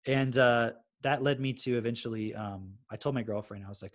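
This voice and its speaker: A man's voice: mid-range voice, brisk, hardly any pauses. A man, a podcast host telling his story in casual chat and swearing freely. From Texas. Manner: swears freely, animated retelling.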